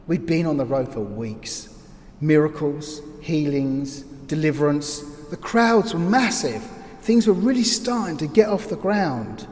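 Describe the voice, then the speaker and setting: A man's voice: on the high side, darkish tone. A man voicing a grieving male disciple at the crucifixion, speaking as an anguished, questioning inner monologue. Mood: wistful. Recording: long hall reverb, faint ambient noise.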